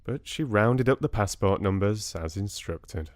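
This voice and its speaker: A British man narrating an audiobook calmly, in a measured storytelling manner, close to the mic. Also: fairly low pitch, dry recording.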